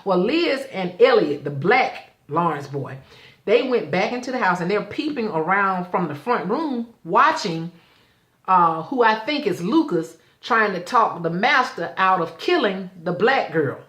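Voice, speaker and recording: A woman, casually recapping a TV episode in animated storytelling and acting out the characters' lines. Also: medium pitch, a little slow, reverberant. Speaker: show host reviewing a TV episode.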